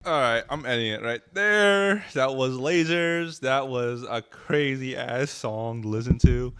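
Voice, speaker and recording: A man's voice: medium pitch, unhurried, a bit bright, smooth. A male streamer doing music reaction commentary, blunt, profane and mocking.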